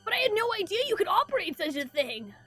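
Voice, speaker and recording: A woman's voice: extremely high pitch, sing-song, fast talker, music in the background. A woman reading the lines of a brash, cheeky young male hero in a game, in a mocking, cocky way. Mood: grateful.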